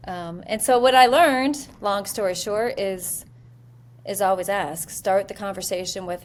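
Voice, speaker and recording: Animated woman telling a candid story. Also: medium pitch, a little slow. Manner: animated, self-deprecating, with many fillers. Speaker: interview guest, military leader.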